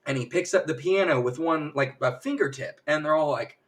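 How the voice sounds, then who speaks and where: A man streaming a casual spoiler recap, rambling and acting out characters' lines in quick, jumpy voices. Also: fairly high pitch, fairly bright tone, recorded from a distance, a little hiss or hum. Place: home streaming setup.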